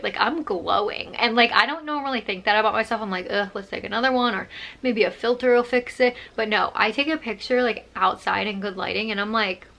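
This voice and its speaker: A young woman vlogs straight to camera in a chatty, bubbly way, with likes and ums all through her talk. Her voice is bright, and she sounds a little short of breath. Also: medium pitch. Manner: chatty, bubbly, many fillers. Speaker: vlogger. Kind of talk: casual chat to camera.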